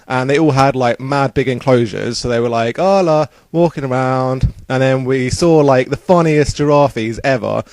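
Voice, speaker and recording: A man's voice: mid-range voice, normal speed, hardly any pauses, a little mellow, no echo. Young guy chatting about his trip, rambly and upbeat, dry close sound. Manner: rambling, upbeat, lots of fillers. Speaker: vlogger. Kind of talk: casual travel vlog.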